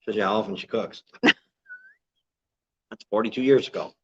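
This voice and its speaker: A man's voice: lowish voice, moderate pace, pushed and bright, slightly rough. An older man chatting casually on a livestream with his wife, joking, teasing and rambling on a dull, lo-fi recording. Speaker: co-host.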